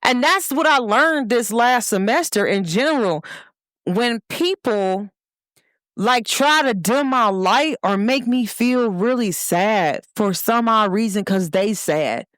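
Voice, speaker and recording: A young woman hosts her own show, talking her listeners through a casual pep talk. Her voice sits a little high and swings widely in pitch as she leans on her points. The sound is dry and close. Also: animated, slow pace, a bit bright, no room sound. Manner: emphatic, talks straight to listeners. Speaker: host. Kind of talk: casual motivational monologue.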